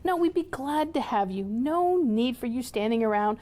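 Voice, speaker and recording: A woman voicing a calm male spiritual teacher in a book reading, gentle and soothing. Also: on the high side, moderate pace, lightly acted.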